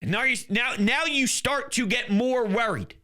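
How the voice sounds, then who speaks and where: A man ranting in a sports commentary vlog, exasperated and insulting critics, swinging between loud outbursts and low muttering. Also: moderate pace.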